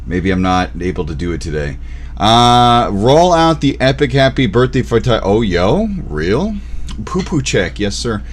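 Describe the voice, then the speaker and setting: A young man streaming live, chatting casually in a rambling, scattered way with sudden yelling bursts. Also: lowish voice, very animated, measured pace, slight background noise.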